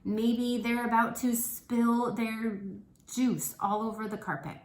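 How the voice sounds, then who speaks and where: A woman's voice: fairly high pitch, level tone, slow, reverberant, low-quality recording. A woman teacher giving a lesson to young children, encouraging and checking in often. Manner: encouraging, checks in with frequent "okay?".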